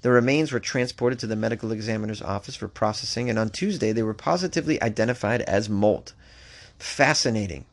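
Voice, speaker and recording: A man's voice: lowish voice, expressive, a little fast, gravelly. A man hosting a comedic news show, reading odd stories aloud and breaking off into wry, joking asides. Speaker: podcast host.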